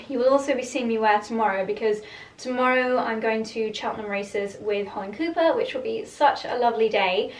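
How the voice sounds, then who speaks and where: A chatty young woman muses aloud about outfits, laughing often. Her voice sits a touch high and bounces off the walls of the room, with a faint hiss under it. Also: distant mic. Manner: chatty, giggly, thinking aloud. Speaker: fashion vlogger. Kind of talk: casual vlog chat. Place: room at home, trying on clothes. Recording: echoey room, voice from off-mic.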